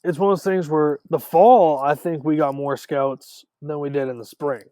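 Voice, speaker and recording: A man talking as a podcast guest in casual chat, animated, with quick runs of words and restarts. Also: on the high side, dry recording. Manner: animated, talks in quick runs with repeated starts. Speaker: podcast guest, former college ballplayer.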